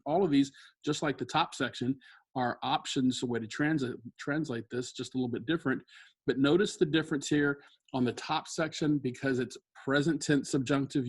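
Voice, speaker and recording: A man with a husky, slightly breathy voice teaches a recorded screen-share lesson. His talk is relaxed and unscripted, full of fillers and quick self-corrections as he walks through the material. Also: mid-range voice. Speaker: Latin teacher.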